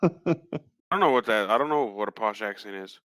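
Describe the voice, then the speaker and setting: A man's voice: on the low side, expressive, brisk, fairly bright tone, dry recording. Joking man on a dry mic. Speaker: podcast co-host. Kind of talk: casual chat.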